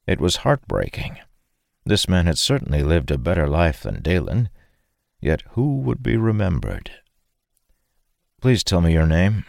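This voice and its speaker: Deep-voiced male audiobook narrator. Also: gravelly, no room sound, clean studio sound. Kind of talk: scripted fantasy narration.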